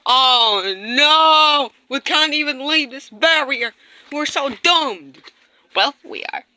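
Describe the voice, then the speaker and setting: A woman's voice: high-pitched, slow, very noisy. A woman voicing plush toys in a skit, screaming and gasping dramatically. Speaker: plush toy video narrator.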